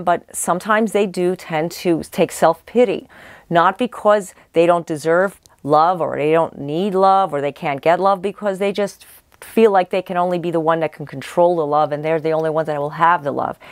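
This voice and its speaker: A woman's voice: fairly low pitch, normal speed, no echo. Rambling woman giving a tarot reading. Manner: rambling, many restarts and fillers. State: losing her voice. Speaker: psychic tarot reader. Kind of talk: casual spoken tarot reading.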